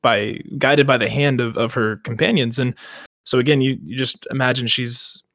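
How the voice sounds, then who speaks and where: A man's voice: medium pitch, steady tone, normal speed, fairly bright tone, dry recording, studio quality. A young man co-hosting a casual book podcast, retelling the plot with mock quotes and laughs. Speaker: podcast co-host.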